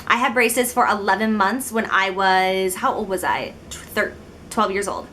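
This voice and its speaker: With a bright, forceful, medium-pitched voice at normal speed, a young Illinois woman in her twenties vlogs about beauty straight to the camera. She's casual, chatty, giggly, and pokes fun at herself, with slight background noise behind her.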